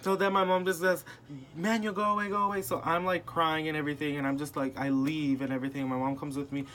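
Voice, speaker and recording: A young man speaks in a slightly high-pitched voice, talking casually and animatedly. He retells a family argument by acting out each person's lines. A faint hiss of noise sits under the recording. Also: quick pace. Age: young adult. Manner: animated, acting out family members in retold dialogue. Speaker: podcast host.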